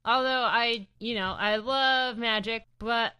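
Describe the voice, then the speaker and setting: A young woman with a New Jersey accent co-hosting a comic book podcast in casual chat, playful and quick with retorts. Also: fairly high pitch, bright, forceful tone, clear, resonant tone.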